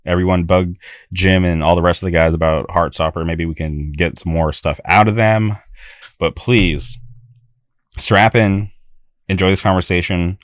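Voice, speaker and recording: A man's voice: sits low, fairly even intonation, normal speed, no room sound, clean studio sound. A young man hosting a podcast, talking in an enthusiastic, rambling way with frequent restarts. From California. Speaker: podcast host. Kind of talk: casual podcast talk.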